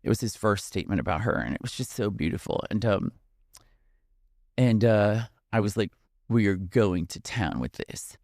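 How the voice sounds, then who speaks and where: A man's voice: fairly low pitch, expressive, normal speed, a little mellow, no room sound, clean studio sound. A man, a podcast guest, telling a heartfelt story in a tearful, emotional way, with many fillers and restarts.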